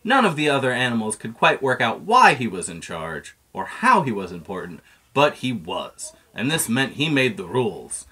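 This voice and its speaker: A man's voice: medium pitch, big pitch swings, normal speed, pushed and bright, slightly rough. A man reading a children's picture book aloud in a playful storytelling manner. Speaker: reader.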